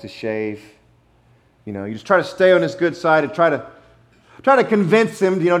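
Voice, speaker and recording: A man preaching a sermon, emphatic, with dramatic pauses and repetition, sometimes playful. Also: on the high side. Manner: playful, acts out wrong versions for effect. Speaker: pastor.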